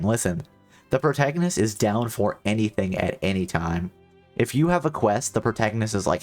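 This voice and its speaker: A man's voice: fairly low pitch, animated, normal speed, a little mellow, faint music behind. A man streaming a video game, chatting casually and rambling into joking asides to his chat. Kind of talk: casual let's-play chat.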